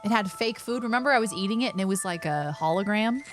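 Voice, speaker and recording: A young woman streaming a game, chatting playfully and reading on-screen prompts aloud in an excitable way. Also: medium pitch, fast talker. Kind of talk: casual let's-play commentary. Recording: game music underneath.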